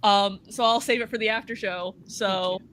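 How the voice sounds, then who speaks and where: A woman's voice: mid-range voice, steady tone, moderate pace, fairly bright tone. Gushing woman player, faint hiss. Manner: effusive and gushing, casual swearing. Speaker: tabletop game player. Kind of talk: casual chat.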